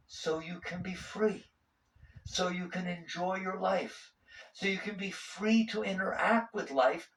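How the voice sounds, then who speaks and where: Folksy older man, roomy, gravelly. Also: sits high. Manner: folksy, animated, laughing often, asking the audience questions. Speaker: spiritual teacher. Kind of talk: spiritual talk to an audience. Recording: roomy and distant mic.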